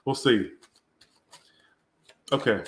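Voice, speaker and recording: A man's voice: extremely slow, fairly bright tone. A man giving a live tarot reading, rambling and crude, sounding tipsy and poking fun at himself. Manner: rambling, crude and self-mocking. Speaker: tarot reader. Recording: roomy echo.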